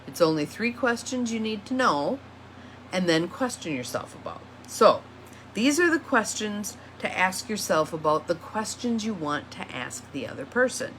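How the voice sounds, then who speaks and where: An empowerment coach, a woman with a mid-range, fairly bright voice, works through self-reflection questions in a casual teaching monologue. She reads each question aloud and then repeats it. There's slight background noise.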